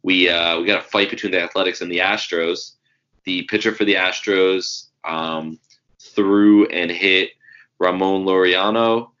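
A man's voice: sits low, fairly even intonation, measured pace, pushed and bright. A man, co-hosting a casual sports podcast and telling rambling stories with fillers and swearing. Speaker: podcast co-host. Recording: dull lo-fi sound.

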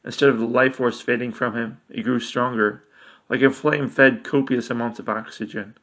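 A man narrates a dark story with a bright, forceful voice. He reads in a steady, measured way, line by line. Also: mid-range voice. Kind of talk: dramatic story reading.

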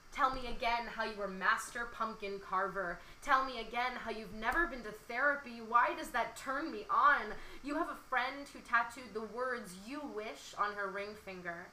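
A woman's voice: on the high side, echoey room, slight background noise, low-quality recording. A young woman reading a love poem aloud with feeling, then chatting about it casually as a podcast co-host. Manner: expressive dramatic reading, then chatty with many "like"s. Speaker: podcast co-host discussing poetry. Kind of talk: poetry reading and casual chat.

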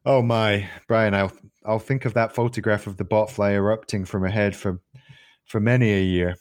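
Jokey, swearing podcast co-host. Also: male voice, on the low side, steady tone, moderate pace. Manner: swearing, jokey, acts out voices in his stories. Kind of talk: casual chat.

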